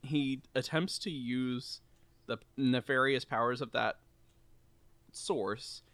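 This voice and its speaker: A man wryly recapping a movie he finds ridiculous, with a bright, crisp, smooth voice. The sound is close and dry, with no room around it. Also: mid-range voice, slow, no echo. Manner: dry, wry plot summarizing. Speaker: podcast co-host. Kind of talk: casual movie review chat.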